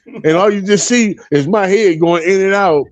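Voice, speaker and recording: A man's voice: high voice, normal speed, no echo, highs cut off. A man in his fifties telling profane, laughing stories as a co-host on a live panel. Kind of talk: casual storytelling on a live panel.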